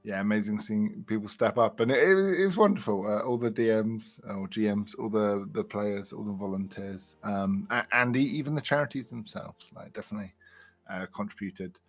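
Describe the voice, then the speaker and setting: Male host, low voice, worn out and rambly, casual chat. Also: fairly quick, faint music behind. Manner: rambling, with many restarts and laughs. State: tired after a long event. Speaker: charity stream organizer.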